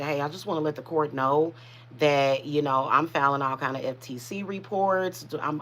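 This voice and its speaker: A woman's voice: sits low, a bit bright. A woman who hosts a spiritual reading channel, speaking in casual, emotional livestream chat with many restarts. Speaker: spiritual reader and channel host.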